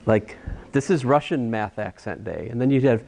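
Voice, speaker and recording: Teaching college algebra, this male instructor is animated and casual, wandering through the material with restarted phrases and playful remarks. His pitch is medium, his speed normal, and his tone darkish with some vocal fry.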